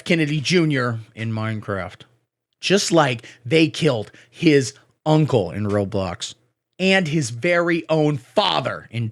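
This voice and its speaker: Sarcastic male satire host. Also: medium pitch. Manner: sarcastic, deadpan, bursts into profane rants. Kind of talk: scripted satirical monologue.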